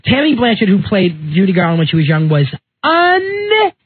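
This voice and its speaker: Flamboyant high-voiced man on radio. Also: huge pitch swings, slightly rough, dry recording. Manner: flamboyant, fast, slips into voices. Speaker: comedian guest. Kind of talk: animated radio chat with impressions. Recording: phone-like radio broadcast audio.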